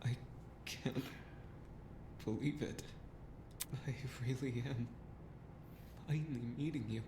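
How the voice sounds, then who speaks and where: A woman voicing a remorseful, broken young man in a game playthrough, speaking in a hushed, halting, half-whispered voice. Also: rumbling low, noisy background, voice pushed down. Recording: roomy echo over game music.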